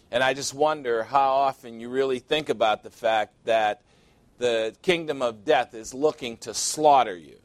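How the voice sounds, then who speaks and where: A man preaching in an emphatic, deliberate way, stretching key words and stacking repeated phrases. His voice sits in a middle range. The sound is dry and close, with no room echo. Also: mid-range voice. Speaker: pastor. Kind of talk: sermon.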